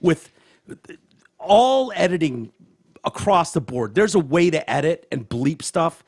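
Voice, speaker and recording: A man's voice: on the high side, slow, husky, no echo, clean studio sound. A man hosting a podcast, chatting casually and profanely, with frequent laughter. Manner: profane, animated, laughs often. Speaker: podcast host.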